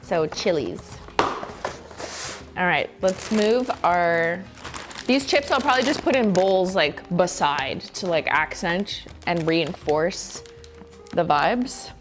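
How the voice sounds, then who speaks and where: A woman's voice: fairly low pitch, slow pace, music in the background. A woman hosting a casual live-stream cooking chat from her kitchen, playful and giggly. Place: home kitchen.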